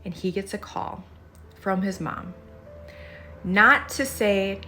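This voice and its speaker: Woman podcast host, storytelling commentary, emphatic, animated, mid-pitched voice. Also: slow pace, soft background music.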